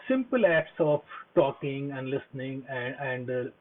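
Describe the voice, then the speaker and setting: Husky man over a tinny line. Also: mid-range voice, expressive, a little slow. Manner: earnest, repetitive, many fillers and restarts. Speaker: speaker giving a talk on mindfulness. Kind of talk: earnest motivational talk.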